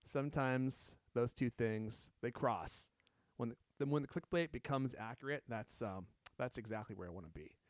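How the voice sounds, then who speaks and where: A man's voice: medium pitch, normal speed, few pauses, no echo, clean studio sound. A man hosting a live-streamed podcast in a casual, joking way, teasing his co-hosts and reading out viewer comments. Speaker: podcast host.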